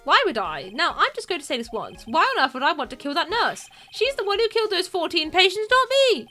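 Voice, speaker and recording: An arrogant, indignant male surgeon from a courtroom video game, as a woman puts him on, ranting with pompous self-importance. The voice sits high and sounds bright and sharp. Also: very animated, brisk, soft background music, full character voice. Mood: outraged.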